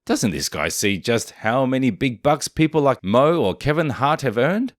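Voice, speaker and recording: A commentary narrator delivers a scripted voice-over full of snarky, opinionated jabs, his pitch leaping and dipping wildly. Very animated at a moderate pace, he's recorded close and dry, with no room sound or echo.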